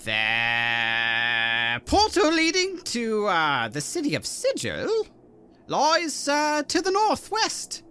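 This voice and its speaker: A man voicing a pompous old sage's skull who answers in a slow, condescending drawl. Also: sits high, huge pitch swings, pushed and bright, clean tone, voice pushed up, heavily acted.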